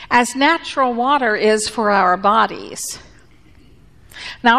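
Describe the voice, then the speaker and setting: Woman pastor, sermon, slow deliberate delivery, echoing church hall. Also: on the high side, fairly bright tone.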